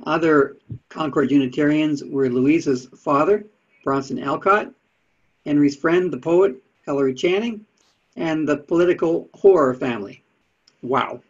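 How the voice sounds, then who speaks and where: A man's voice: a little high, a little slow. A man giving a casual lecture on history with slides, chatty, with dry asides. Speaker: presenter of talks on Unitarian history. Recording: dull lo-fi sound.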